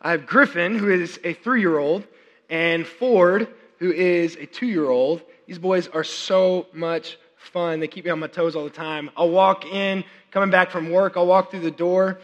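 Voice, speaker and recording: Man in his thirties, worship pastor preaching, high and bright, chatty and animated, fighting a sore throat, long hall reverb. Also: unhurried, highs cut off. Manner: chatty and animated, with many fillers and restarts. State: unwell, struggling to clear his throat. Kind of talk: sermon with personal storytelling. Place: church service.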